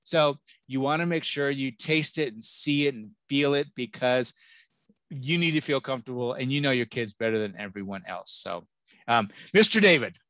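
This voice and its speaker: A man giving an animated, joking college admissions talk and taking audience questions. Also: medium pitch, normal speed, no echo. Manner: lively, jokey, exclamatory. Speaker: college admissions keynote speaker.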